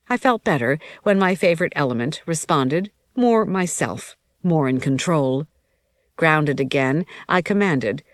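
A woman reading a first-person story as audiobook narration in an even, measured way. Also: low voice, no echo, studio quality.

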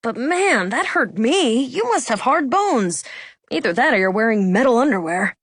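A woman's voice: on the high side, very animated, moderate pace, breathy edge, dry recording, clean studio sound. A woman voicing a clumsy teenage boy who blurts out careless jokes. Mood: flustered.

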